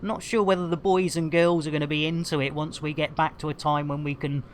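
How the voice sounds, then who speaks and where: A woman's voice: low-pitched, fairly even intonation, quick pace, heavy background noise. Jokey woman bantering with her stream chat. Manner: jokey, bubbly, full of silly rhyming catchphrases and innuendo. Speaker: game streamer.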